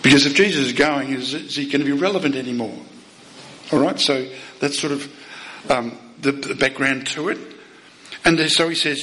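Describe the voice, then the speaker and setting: A man preaching a sermon, emphatic, asking the listeners rhetorical questions and swinging between loud and soft. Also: medium pitch, moderate pace, low-quality recording.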